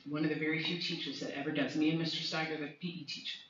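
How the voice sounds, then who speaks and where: A woman's voice: low-pitched, little pitch movement, racing, fairly bright tone, slight background noise. A woman music teacher speaking with feeling at a school community meeting, personal and rambling with restarts. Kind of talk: emotional public speech at a community meeting. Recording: echoey hall from far off, dull.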